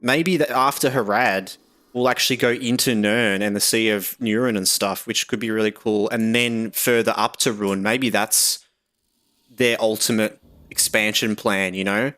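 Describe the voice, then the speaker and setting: A man's voice: on the low side, steady tone, moderate pace, pushed and bright. A young Australian man chatting casually with viewers during a live game stream, reading chat aloud with lots of fillers.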